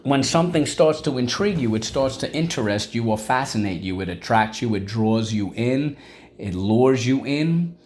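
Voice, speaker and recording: A man's voice: medium pitch, animated, moderate pace, darkish tone, a little hiss or hum. A man teaching a vocabulary lesson, repeating words syllable by syllable and asking the class questions. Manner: asks class-style questions like "What's the word?".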